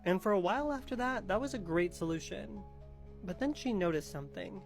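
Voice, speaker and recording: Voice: medium pitch, animated, a little fast, faint music behind. A storyteller casually retelling a scary story in a chatty way, with many filler words.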